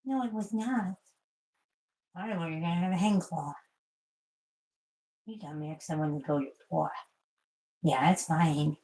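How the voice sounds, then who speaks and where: Woman, vlogger, gravelly voice, casual rambling, cursing, cooing at pets. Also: sits low, dark tone, low-quality recording. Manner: swears freely, coos at her pets in baby talk.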